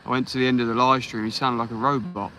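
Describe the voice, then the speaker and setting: Chatting casually while he fishes, an easygoing English man hosts a live stream from the shore at night, talking into a phone and greeting each viewer by name. His mid-range voice is bright, forceful and steady in tone, and he talks fast. The recording is rough, with a faint hum underneath.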